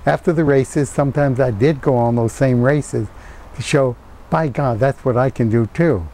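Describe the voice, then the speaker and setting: Older man, mellow reflective voice. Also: medium pitch, normal speed, slight background noise, poor audio. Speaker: interviewee, former POW pilot. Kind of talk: interview.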